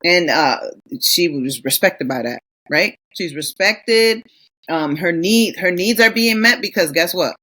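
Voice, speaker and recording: A woman's voice: lowish voice, expressive, measured pace, pushed and bright. A woman in her thirties co-hosting a podcast, ranting in a casual, profane way with acted quotes. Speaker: podcast co-host. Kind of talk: casual chat.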